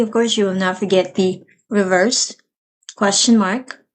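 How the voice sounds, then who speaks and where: A woman teaching a live language lesson, explaining patiently and repeating each phrase slowly. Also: mid-range voice, steady tone.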